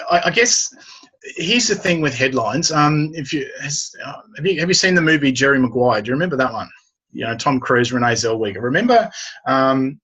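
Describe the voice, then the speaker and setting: A man's voice: mid-range voice, fairly bright tone, breathy edge, highs cut off. A man talking as a copywriting guest in a casual interview, emphatic and fond of repeating his key phrases.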